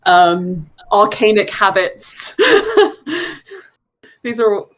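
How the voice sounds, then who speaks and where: A woman's voice: mid-range voice, sing-song, drawn-out words. A woman acting as game master of a tabletop game, narrating scenes with joking asides and frequent laughter. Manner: laughs often, jokey asides.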